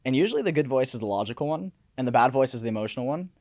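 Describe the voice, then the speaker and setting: A man's voice: medium pitch, animated, rapid-fire, darkish tone, dry recording, clean studio sound. A young man in his twenties, a real estate agent on a podcast, explaining his ideas earnestly with everyday examples. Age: 20s. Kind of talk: casual podcast conversation.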